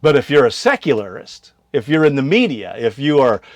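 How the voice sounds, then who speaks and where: A man, a missionary and show host, preaching in a casual monologue, firing rhetorical questions and swinging between loud bursts and quiet asides. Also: mid-range voice, very animated, a little fast, no echo. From United States.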